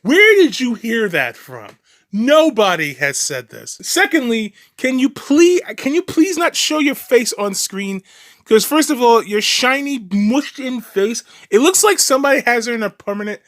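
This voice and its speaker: A man with a notably high voice delivers a ranting reaction commentary. He is profane, sarcastic and mocking, and he rambles with restarts and short laughs. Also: animated, normal speed, fairly bright tone.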